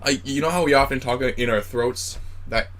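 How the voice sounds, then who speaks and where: A man's voice: mid-range voice, moderate pace, fairly bright tone. A man co-hosting a casual beer review, talking in a playful, rambling, joking way. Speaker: co-host of a beer review show. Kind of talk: casual chat.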